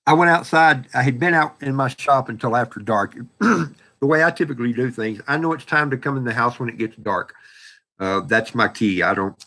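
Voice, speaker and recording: A man's voice: medium pitch, pushed and bright. A man hosting a casual livestream, rambling in a folksy way and answering viewer chat. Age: 60s. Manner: rambling, folksy, talks back to chat messages. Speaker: livestream host.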